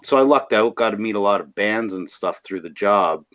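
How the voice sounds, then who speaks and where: Brief: Canadian guy, low-ish voice, loose rambling chatter with lots of cursing. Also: normal speed, fairly bright tone. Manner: rambling, swears freely. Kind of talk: casual chat.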